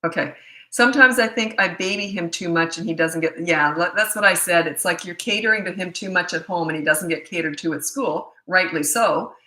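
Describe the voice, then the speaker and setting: Middle-aged lady coach rambling through parenting q&a, bright forceful voice, kinda low, echoey room. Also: fairly quick. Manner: chatty, blunt, self-deprecating asides. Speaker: parenting coach answering viewer questions. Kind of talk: casual live Q&A.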